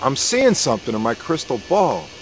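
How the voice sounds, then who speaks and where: A man's voice: medium pitch, wildly swooping pitch, normal speed, a little hiss or hum, poor audio. Man putting on a spooky witchy fortune teller. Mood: ominous. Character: old woman fortune teller, mysterious.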